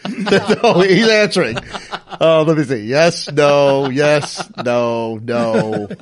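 Middle-aged man, high lively voice, co-host, animated storyteller who laughs through his lines. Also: drawn-out words, long pauses. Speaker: podcast co-host. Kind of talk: casual storytelling chat.

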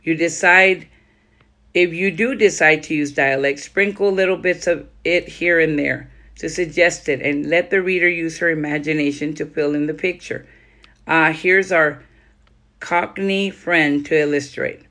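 A woman's voice: deep voice, fairly even intonation, normal speed, fairly bright tone. A woman podcast host reading aloud from a book on writing, breaking off for loose conversational comments. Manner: reads steadily, then adds loose conversational comments. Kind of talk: reading a writing guide aloud with casual asides.

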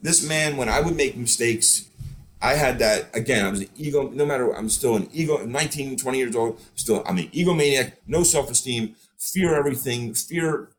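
A man telling stories as a guest on a casual podcast, animated, swearing freely and acting out what others said. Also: mid-range voice, a little fast. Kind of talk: storytelling in casual podcast chat.

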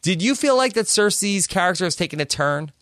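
A man hosting a casual podcast discussion, leading with questions and pausing often with "uh". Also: high voice, expressive, fairly bright tone, no room sound, clean studio sound. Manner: leads with questions, many "uh" fillers. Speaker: podcast host.

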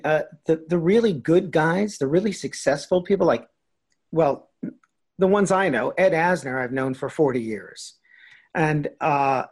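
An older man tells stories in a relaxed interview, his voice sitting a little high for a man. He gets animated and acts out the lines he quotes. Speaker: guest actor. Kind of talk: casual interview chat.

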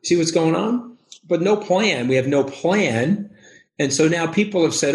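A man talks in a fast, emphatic rush, clearly wired on caffeine. His voice sounds roomy, with the echo of the room around the mic. He leans hard into rhetorical questions. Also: medium pitch. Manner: rapid, emphatic, acts out quoted voices. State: over-caffeinated and wound up. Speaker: podcast guest. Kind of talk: animated interview talk.

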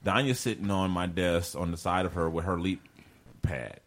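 A man's voice: low-pitched, moderate pace. A man hosting a podcast in casual chat, telling stories loosely, swearing freely and laughing often. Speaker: podcast host.

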